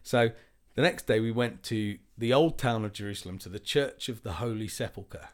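A man in his forties telling a story in casual chat, animated and swearing, acting out other people's lines. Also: lowish voice, moderate pace.

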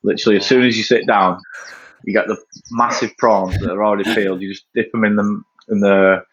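A man's voice: fairly low pitch, little pitch movement, fairly quick, fairly bright tone, husky. A man chatting as a podcast guest, rambling and laughing easily as he tells stories. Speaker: podcast guest, former cricketer. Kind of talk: casual chat. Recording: dull lo-fi call audio.

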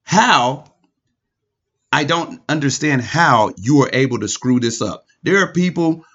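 A man in his forties holds a relaxed conversation with his co-host. He tells his stories with energy, slips into voices to act out other people, and laughs along the way. The recording sounds a little dull and lo-fi. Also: medium pitch, unhurried. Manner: animated storyteller, acts out voices, laughs often. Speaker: podcast co-host. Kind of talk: casual chat.

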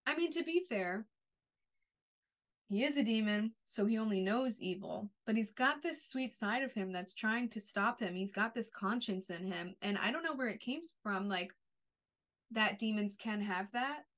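A woman's voice: mid-range voice, lively intonation, moderate pace, fairly bright tone. A woman in a mid-range voice co-hosts a casual podcast. She reacts to the episode with open emotion and scatters "like" through her sentences. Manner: emotional, gushing, frequent "like" fillers. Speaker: podcast co-host. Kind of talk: casual TV recap chat.

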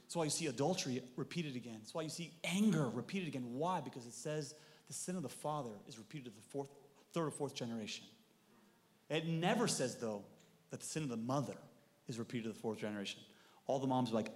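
A man preaching a sermon, animated, swinging from loud emphasis to soft asides, with jokes for the congregation. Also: fairly high pitch, fast. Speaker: pastor.

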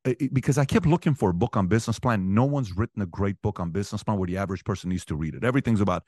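A man in his forties, an interview guest telling personal stories with animated energy, his voice rising sharply when he relives arguments. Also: lowish voice, very fast, no echo, clean studio sound. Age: 40s. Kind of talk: storytelling in conversation.

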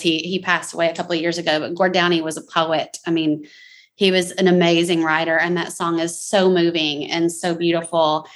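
A woman's voice: lowish voice, a bit bright. A woman interviewing a guest, enthusiastic and casual, swearing freely as she talks.

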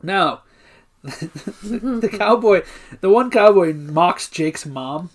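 His voice is high and animated, his pace slow. As a podcast co-host in a casual movie recap chat, he narrates the film's plot play by play, with loose swearing and frequent laughs.

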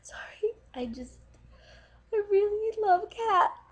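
A woman's voice: very high voice, expressive, heavily acted. Woman playing a weepy cat-obsessed dater. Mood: tearful gushing. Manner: halting, many ums, sobbing and laughing. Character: tearful young woman obsessed with cats. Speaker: comic dating video character. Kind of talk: comedic video monologue.

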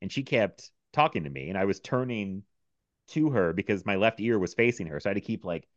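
A male podcast host in casual chat, chatty and quick to laugh, trailing off into fillers. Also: on the low side, animated, no echo, dull audio.

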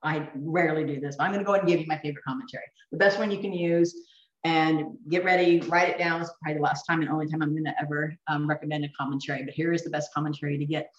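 Woman Bible teacher, lower voice, animated and eager, recorded from afar, dull sound. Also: racing. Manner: animated, enthusiastic, laughs often. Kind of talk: Bible study teaching to a group. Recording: echoey room, mic at a distance, dull sound.

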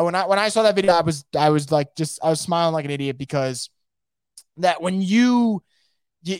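A man hosting a casual live sports podcast, reading out viewer comments and reacting in a fast, emphatic way, often repeating his words. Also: a little high, dry recording, studio quality.

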